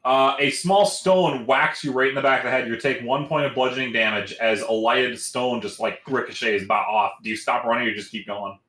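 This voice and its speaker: A man's voice: mid-range voice, a little fast, hardly any pauses, echoey room, rough recording. Laid-back man running a tabletop game. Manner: relaxed, loose, filler-heavy narration. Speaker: game master.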